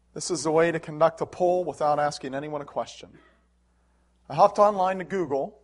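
A middle-aged man preaching a sermon in an earnest, emotional way, with swells of emphasis. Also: a little high. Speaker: pastor.

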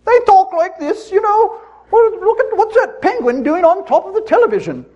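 A man doing a shrill, bickering old woman. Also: big pitch swings, moderate pace, darkish tone, lo-fi sound. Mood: squabbling. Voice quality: high squeaky falsetto. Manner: squabbling, indignant, sing-song. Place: church.

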